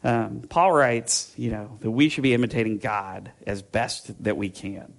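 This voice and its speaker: A man's voice: on the low side, unhurried, gravelly. A man pastor giving a conversational sermon, rambling through personal stories with fillers and restarts before turning to scripture. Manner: casual, rambling storytelling with fillers and self-interruptions.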